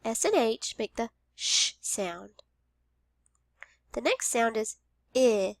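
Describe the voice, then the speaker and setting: A woman's voice: fairly high pitch, very animated, takes it slowly, no room sound, studio quality. A woman teaching a phonics lesson to young children, patiently sounding out each letter of every word.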